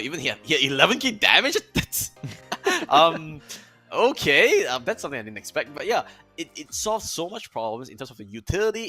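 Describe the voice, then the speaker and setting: A man working as an esports analyst, giving animated, emphatic post-match analysis and laughing easily. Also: mid-range voice. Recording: faint music behind.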